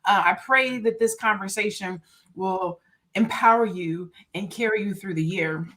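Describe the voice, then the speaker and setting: A woman's voice: mid-range voice, a bit bright. A woman hosting a casual chat with co-hosts over a video call, speaking in a prayerful, encouraging way. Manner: prayerful, encouraging, reads a quote slowly. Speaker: podcast host.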